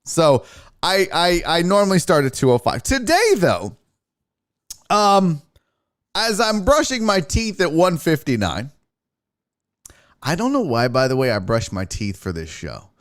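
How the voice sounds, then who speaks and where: A man's voice: on the high side, very animated, measured pace, pauses often, fairly bright tone. A man hosting his own show, telling a rambling casual story and acting out the voices of himself and his cat. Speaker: sports show host.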